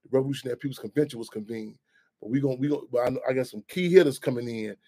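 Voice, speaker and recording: A man's voice: mid-range voice, rapid-fire, warm tone, slightly rough. A man hosting a radio talk show, speaking in loose, profane street talk full of restarts.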